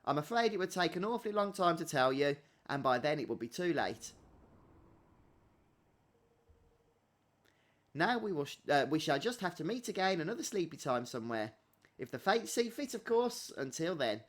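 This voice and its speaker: A fanciful, gentlemanly male rabbit who guides dreamers on magical journeys, as a man puts him on. He speaks in a lilting, overly polite, theatrical way, his voice sitting a touch high. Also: big pitch swings, a little fast. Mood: mysterious.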